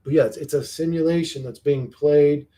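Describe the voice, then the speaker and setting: A man's voice: on the high side, steady tone, normal speed, warm tone. A man hosts a casual livestream and chats loosely with his viewers. He rambles, swears often, and repeats words as he starts his sentences. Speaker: livestream host reading chat.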